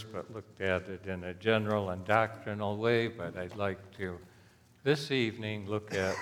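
Male pastor for a sermon, fairly low voice, unhurried and measured delivery, with the long reverb of a church hall. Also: slight background noise. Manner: slow, deliberate preaching that rises sharply when reading scripture aloud. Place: church sanctuary.

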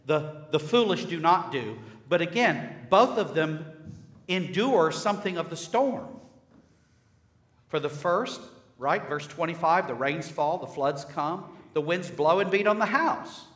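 Emphatic preacher in an echoing hall. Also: male voice, a little high, lively intonation, a little slow, a bit bright. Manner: emphatic, with rhetorical questions and repeated phrases. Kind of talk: sermon. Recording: echoey hall with long reverb.

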